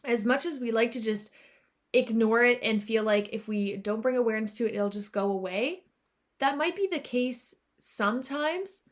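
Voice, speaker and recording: A woman hosts her own podcast alone, in a relaxed, conversational tone. Her voice sits a little high. She talks straight to her listeners, keeps them close with asides like "right?", and sounds encouraging throughout. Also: normal speed. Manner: chatty and encouraging, often adds "right?" and "you guys". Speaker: podcast host. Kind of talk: casual solo podcast talk.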